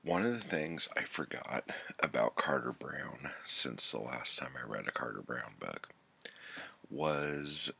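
A man with a very deep voice reviews a book in a loose, chatty way, leaning on filler words and dropping the odd curse. His tone is husky and gravelly yet has a bright edge. He talks slowly and unhurriedly. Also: expressive. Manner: loose and chatty, full of "like" and "um", swears freely.

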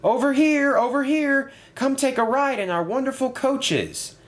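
A man doing a squeaky excited little engine. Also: slow pace, exaggerated voice. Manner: high, shouting excitedly.

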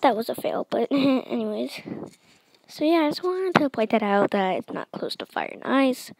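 A woman's voice: fairly high pitch, very animated, moderate pace, gravelly, darkish tone, no room sound, poor audio. A teenage girl reading her own story aloud and chatting afterward in a rambling way.

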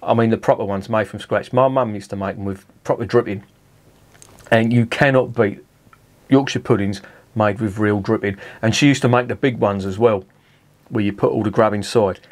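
A man's voice: on the low side, steady tone, normal speed. A middle-aged man, reviewing a beer in a casual, rambling and sweary way at home.

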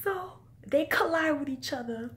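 A woman giving a casual spoken film review, excitable and profane, often exclaiming and acting out scenes. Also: mid-range voice, a little slow. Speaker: movie reviewer.

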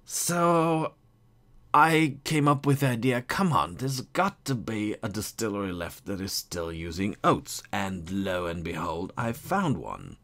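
Deep-voiced man chatting slowly. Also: very animated, fairly bright tone. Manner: hesitant, full of ums, dry humor. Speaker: YouTube gamer and whisky vlogger. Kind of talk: casual chat to camera.

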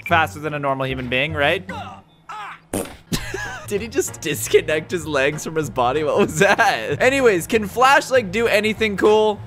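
A young man with a high, bouncy voice that swings all over as he narrates his gameplay. He gets excited fast and bursts into shouts and laughter. Music plays under his voice. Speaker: gaming YouTuber. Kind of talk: energetic gameplay commentary.

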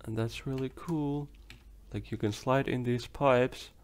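A man's voice: medium pitch, fairly even intonation, unhurried, smooth. A young man giving rambling let's play commentary as he plays, talking to himself and swearing when things go wrong. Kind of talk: game commentary.

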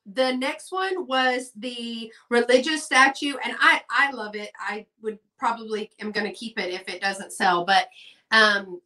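A woman's voice: a little high, a little slow, pushed and bright, far from the mic. A woman, hosting a live sale in a chatty, folksy way and talking to viewers in the chat. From Texas. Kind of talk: casual live-stream selling chat.

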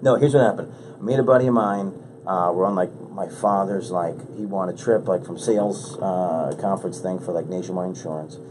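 A man hosts a casual podcast from a radio studio room, telling animated, rambling stories that keep restarting. His voice sits low, he talks a little fast, and there's background noise.

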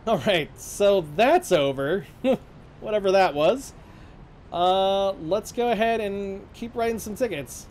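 A man's voice: sits high, expressive, slow, a little mellow, slight background noise. A man playing a video game, reading its dialogue aloud and chatting casually between scenes. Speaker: let's play gamer.

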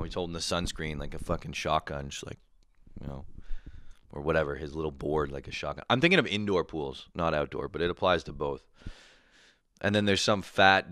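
A man hosting a comedy podcast, telling a profane, animated solo rant with quick voiced impressions. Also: extremely low pitch, dry recording.

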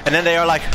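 A young man, not a native English speaker, giving casual, excitable let's-play commentary, laughing often and swearing. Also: fairly high pitch. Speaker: streamer playing a game.

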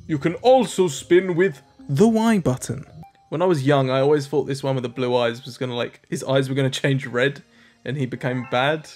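A young man in his twenties, a gaming host, joking and reacting excitably while he plays. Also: medium pitch, moderate pace, faint music behind. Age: 20s. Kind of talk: let's-play commentary.

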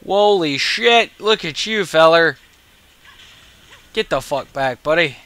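A man's voice: fairly high pitch, expressive, takes it slowly, sharp tone. A tired man, grumbling and swearing through casual gameplay commentary. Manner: profane, grumbling, sarcastic. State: tired and yawning. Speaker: gaming video creator.

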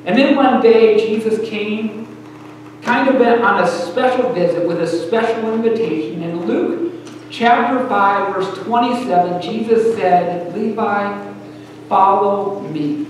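Male preacher, storytelling sermon, higher voice, roomy hall sound with faint hum. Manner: storytelling preacher, pausing often in short phrases. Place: church sanctuary. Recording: echoey hall, distant mic, faint hum.

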